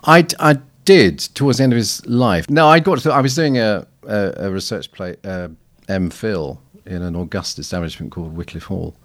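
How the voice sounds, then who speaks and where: Deep-voiced reflective man. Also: moderate pace, few pauses. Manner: reflective, anecdotal, frequent restarts. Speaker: guest missiologist. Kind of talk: casual podcast conversation.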